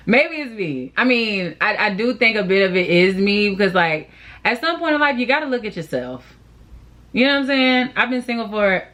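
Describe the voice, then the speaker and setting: A young woman vlogger venting in an animated, sassy, exasperated way, chatting casually while doing her makeup. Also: a little high, brisk. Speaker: beauty vlogger.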